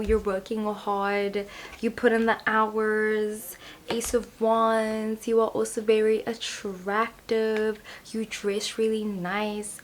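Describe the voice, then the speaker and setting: A young woman talks through a tarot card reading in a loose, chatty way. She is playful and teasing, and her middle-pitched voice keeps bouncing higher on the words she stresses. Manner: chatty, playful, laughs at herself. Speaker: tarot reader. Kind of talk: casual tarot reading to camera.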